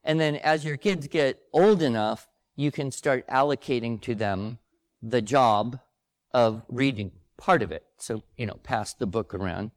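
Older man, co-host, relaxed conversational delivery, dry sound. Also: mid-range voice, measured pace, no room sound. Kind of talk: casual conversation before a live audience.

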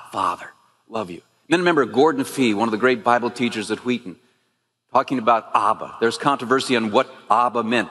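A man's voice: mid-range voice, a bit bright, in a large hall. A man preaching, telling his own story with earnest, emphatic rising phrases. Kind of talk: sermon testimony.

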